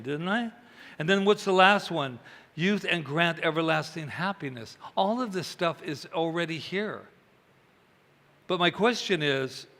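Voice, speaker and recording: A man giving a chatty sermon, telling stories and acting out the voices of the people in them. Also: a little high. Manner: chatty, animated, acts out quoted voices. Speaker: minister. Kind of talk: conversational sermon with storytelling. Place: church hall. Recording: reverberant hall.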